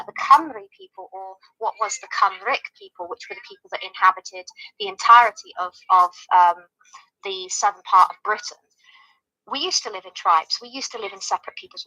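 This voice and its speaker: An earnest woman explains her view at length in a casual discussion. Her voice is bright and forward, and the sound is dry and close. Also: medium pitch, no echo, low-quality recording. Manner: earnest, explanatory, builds points with repetition.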